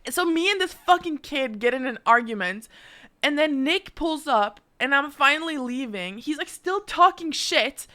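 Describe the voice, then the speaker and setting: A young woman from Norway telling a story on a live stream, swearing often in a quick, animated way. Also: high-pitched.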